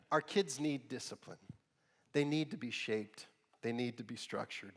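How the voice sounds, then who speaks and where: A middle-aged man preaching a sermon as pastor, telling stories in an animated way. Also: mid-range voice, moderate pace. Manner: storytelling, with loud bursts of laughter and mimicry. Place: church sanctuary. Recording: long reverb of a church hall.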